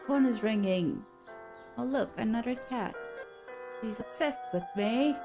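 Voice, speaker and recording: Slow-talking young woman streamer. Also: a little high, gravelly, over music. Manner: chatty, emotional reactions, casual swearing. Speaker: gaming streamer. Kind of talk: let's play commentary.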